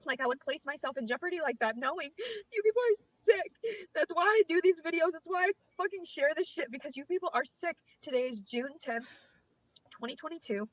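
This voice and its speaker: A woman's voice: sits high, fairly quick, no room sound, poor audio. Profane, agitated woman ranting. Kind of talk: angry rant to camera.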